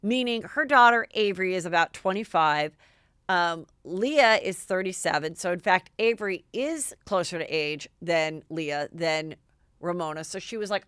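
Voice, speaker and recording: A woman hosting a gossip podcast, running through a reality TV recap in a chatty, animated way. She acts out the quarrels herself, jumping up into loud voices for each quote. Her voice is smooth and the recording is close and dry. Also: medium pitch, moderate pace, dry recording. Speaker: podcast host.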